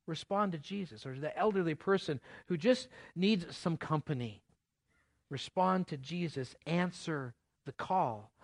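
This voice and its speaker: A pastor preaching a sermon in church, in a conversational way with playful asides. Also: male voice, a little high.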